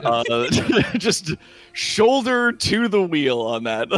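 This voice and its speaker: A man's voice: high voice, big pitch swings, very slow, soft background music. A man with a Canadian accent hosting a tabletop game as game master, hammy and enthusiastic, laughing often.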